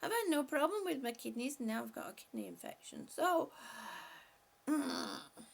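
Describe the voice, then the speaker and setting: A woman's voice: sits high, big pitch swings, moderate pace, vocal fry. A woman reading viewer comments aloud on a live stream and answering them in a chatty way, laughing often. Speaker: vlogger reading live chat. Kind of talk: casual live-stream chat.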